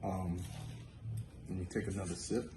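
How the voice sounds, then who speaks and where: A man's voice: low-pitched, fairly even intonation, normal speed, reverberant, music in the background. A man chatting playfully while tasting food on camera, laid-back with casual slang. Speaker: co-host.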